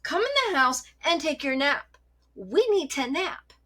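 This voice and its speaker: Bossy pet cat insisting on nap time, put on by a woman in a slightly high voice. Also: sing-song, unhurried, pushed and bright, full character voice. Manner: insistent, commanding.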